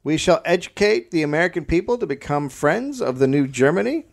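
A man's voice: fairly high pitch, sing-song, brisk, gravelly. A man hosting a comedy history podcast, reading old texts aloud and breaking off for dry jokey asides.

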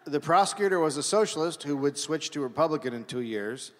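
Storyteller: a man reading notes deadpan at a live show, a bit high-pitched, with hall echo. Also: a little fast. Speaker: podcast co-host, storyteller. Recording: live venue with hall reverb.

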